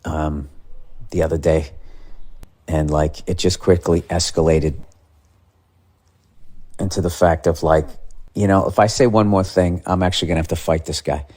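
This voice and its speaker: A man's voice: deep voice, steady tone, normal speed, pauses often, a little mellow. A man in his fifties ranting casually as a podcast host, profane and exasperated. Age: 50s. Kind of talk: casual comedic rant.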